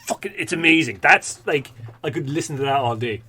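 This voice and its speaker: A man, co-hosting a podcast in casual, rambling, profane chat that gets animated when he tells stories. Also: a little high, fairly quick, husky. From Ireland. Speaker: podcast co-host.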